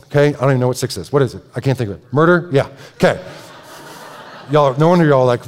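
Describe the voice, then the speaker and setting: A man's voice: medium pitch, animated, fast. A man preaching a sermon as pastor, talking in a loose, conversational way with frequent restarts and repeated words. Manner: conversational, self-interrupting with repeated words and asides. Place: church sanctuary. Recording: long reverb of a large hall.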